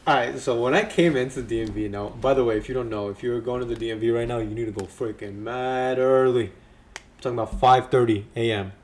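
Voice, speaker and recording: A man hosting a podcast, telling a story in lively casual chat with slang. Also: mid-range voice, a little fast, slight background noise. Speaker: podcast host.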